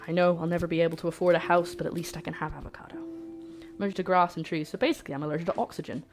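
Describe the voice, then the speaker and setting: A woman hosts a casual cooking livestream, chatting and joking with her viewers as she works. Her voice sits a touch low, and faint music plays in the background. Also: steady tone, racing. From lives in Scotland. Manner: chatty, jokey, self-deprecating, talks to chat.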